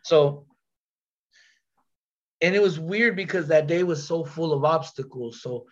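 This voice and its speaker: A man telling a story on a podcast in a casual, animated way, full of slang, repeats and restarts. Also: fairly high pitch, a little slow, lo-fi sound.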